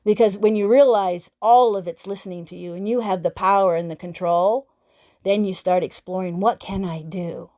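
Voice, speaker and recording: With a warm, medium-pitched voice at a normal pace, this self-healing teacher in her fifties hosts a live stream, speaking straight to her audience. She is earnest and tends to say things more than once.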